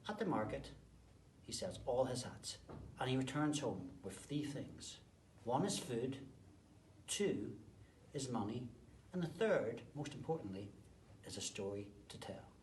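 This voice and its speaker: A man, a teacher, telling a story to children, swinging between whispered asides and sudden loud bursts. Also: mid-range voice, lively intonation, a little slow, long pauses. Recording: roomy, distant mic, faint background noise.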